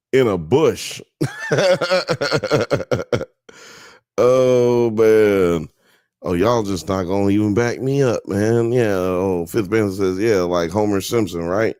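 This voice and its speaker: A man's voice: on the low side, slow, long pauses, a little mellow, clear, resonant tone, no echo, studio quality. A man hosting a live-streamed talk show, chatting casually and profanely, joking with the audience and reading chat comments aloud.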